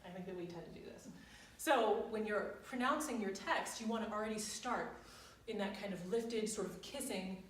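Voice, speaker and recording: In a voice studio, a woman voice teacher leads a master class, coaching diction in a chatty manner with plenty of laughter. Her mid-range voice comes at a moderate pace, captured far from the mic in an echoey room with faint noise.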